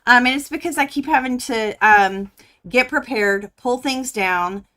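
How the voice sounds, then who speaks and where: Gushing, bright-voiced woman quilter. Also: fairly high pitch, a little slow. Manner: gushing, excitable, chatty with viewers. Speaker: quilting livestream host. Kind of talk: casual live stream chat. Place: home quilting studio.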